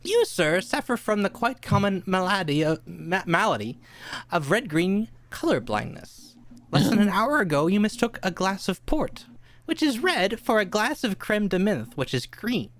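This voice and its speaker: A woman's voice: mid-range voice, sing-song, moderate pace, lightly acted. A woman playing a shrewd, confident Victorian male detective in an amateur radio play, lecturing and amused.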